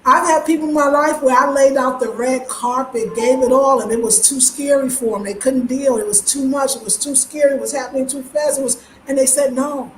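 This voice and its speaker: A woman with a high voice gives an emphatic, preachy testimony straight to her viewers, calling them y'all. She speaks from an indoor room with a roomy echo, and faint noise sits under her voice. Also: fairly even intonation, brisk, few pauses. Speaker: vlogger.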